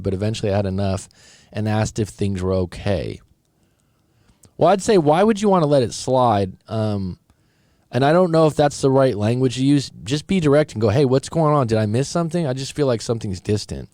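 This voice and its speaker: Speaking at medium pitch with a dark tone, a male breakup coach reads a viewer's story in a studio-quality recording free of room sound. He responds directly and casually, thinking aloud and sometimes fumbling his words.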